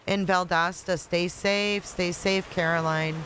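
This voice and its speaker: Chatty Michigan woman over steady noise. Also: fairly low pitch, measured pace, low-quality recording. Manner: chatty, reads viewer comments aloud and answers them. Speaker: livestream host. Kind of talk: casual live-chat stream. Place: at home in Florida riding out a hurricane.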